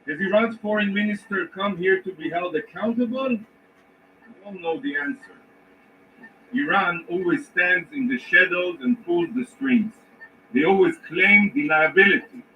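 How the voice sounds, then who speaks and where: A man delivers an emphatic, indignant formal address in a large council chamber, pausing deliberately between phrases. His voice sits a little high and comes from a distance. The recording is dull and carries a faint hiss. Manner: emphatic, indignant, measured pauses. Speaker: ambassador addressing the Security Council. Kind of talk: formal prepared speech.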